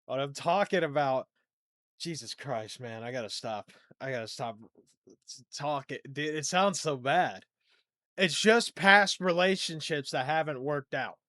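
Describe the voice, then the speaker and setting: A man's voice: on the high side, lively intonation, measured pace, pushed and bright, no echo. Rambling young man, dry close mic. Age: young adult. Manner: rambling, self-deprecating, swings between mumbling and emphatic. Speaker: podcast host. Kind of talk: casual solo podcast monologue.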